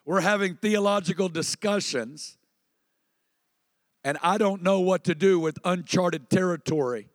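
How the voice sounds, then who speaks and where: High-pitched guy preaching in a church, chatty, keeps getting the crowd to repeat stuff, long reverb in the hall. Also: a little slow. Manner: conversational preaching that prompts the congregation to respond. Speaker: pastor. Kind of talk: sermon.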